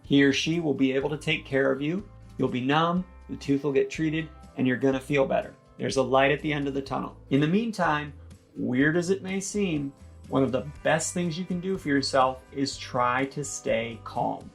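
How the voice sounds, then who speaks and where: A man giving casual toothache advice in a relaxed vlog, mixing jokes with reassurance. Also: mid-range voice, moderate pace, creaky, faint music behind. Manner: joking, reassuring, chatty.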